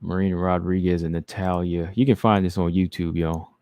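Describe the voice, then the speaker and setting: A man's voice: low voice, level tone, fairly quick, warm tone, clean tone, no echo. A man hosting a casual livestream, reading viewer comments aloud and answering them in a laid-back way. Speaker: livestream host reading chat.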